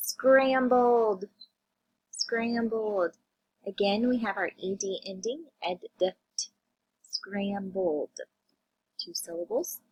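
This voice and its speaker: A woman teacher reviewing vocabulary and phonics with young children, sounding words out slowly and asking them questions. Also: medium pitch, a little mellow, slightly rough, low-quality recording. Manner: slow, drawn-out phonics sounding-out, addressing kids.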